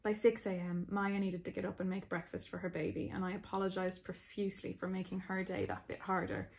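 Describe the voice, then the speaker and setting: A woman's voice: lowish voice, fairly quick. Woman reading her memoir aloud. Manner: intimate, expressive storytelling. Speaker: author reading her own book.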